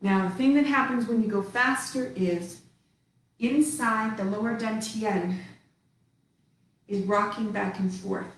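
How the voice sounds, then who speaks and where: Calm woman cueing tai chi, distant. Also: medium pitch. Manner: slow, calm counting of movement cues. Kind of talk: guided movement class. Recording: echoey room, far from mic, faint hiss.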